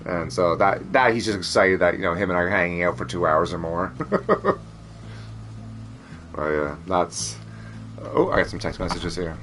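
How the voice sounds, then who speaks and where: A man's voice: sits low, animated, normal speed, pauses often, fairly bright tone, slight background noise. A man chatting casually as a streamer, rambling, joking and swearing freely. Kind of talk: casual chat.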